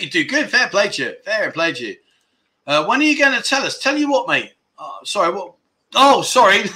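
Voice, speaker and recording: A man hosts a casual livestream chat show, reading out viewer comments and trading jokey banter. His voice is strikingly bright and sharp and sits somewhat high for a man. He talks loosely with plenty of fillers and friendly jabs. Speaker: livestream host.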